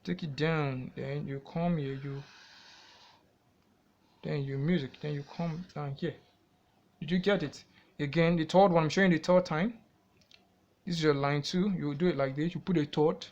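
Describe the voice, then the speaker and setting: Nigerian-accented male music tutor, slightly high voice, repetitive, checks in with questions. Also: steady tone, moderate pace, pauses often, a little mellow, highs cut off. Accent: Nigerian English. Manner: repetitive, asks the viewer questions and answers them himself. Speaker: music teacher. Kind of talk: classroom-style music theory lesson.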